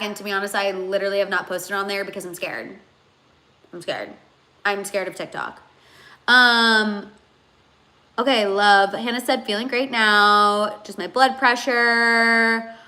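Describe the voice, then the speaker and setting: A woman's bright, forward voice carries a loose, rambling livestream chat full of fillers. She is emotional and teary as she reads out viewer comments. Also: medium pitch. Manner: chatty and rambling, many fillers. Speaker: host.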